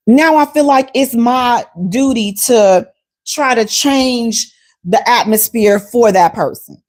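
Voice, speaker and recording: Woman radio host, slightly high voice, animated storyteller, casual monologue. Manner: animated, expressive storyteller acting out exchanges.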